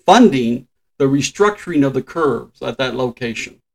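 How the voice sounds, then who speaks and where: A man's voice: mid-range voice, expressive, moderate pace, gravelly, darkish tone, low-quality recording. An older man in casual podcast chat, telling trivia stories with frequent chuckles. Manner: chatty storyteller, shares trivia, chuckles often. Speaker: podcast co-host.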